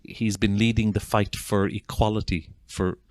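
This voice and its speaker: A man's voice: on the low side, little pitch movement, moderate pace, darkish tone, no echo. An Irish man, a psychotherapist, giving an earnest, heartfelt talk to an audience, with frequent restarts. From Ireland. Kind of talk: informal talk to an audience introducing a video.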